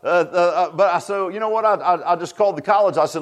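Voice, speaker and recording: A male pastor preaching in a folksy, chatty way, his voice sitting a little higher than most men's. He keeps asking the listeners rhetorical questions and repeats himself for emphasis, laughing at his own jokes along the way. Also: quick pace, few pauses. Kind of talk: sermon.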